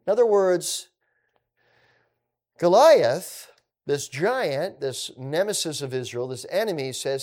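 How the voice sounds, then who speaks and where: A man teaching through a scripture passage in a conversational way, with relaxed asides. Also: on the high side, slow pace, long pauses.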